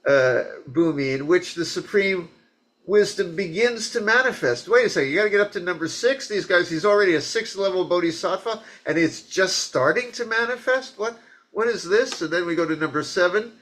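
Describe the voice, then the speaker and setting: A Zen teacher from the New York area giving a conversational dharma talk with joking asides. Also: male voice, high-pitched, a bit bright.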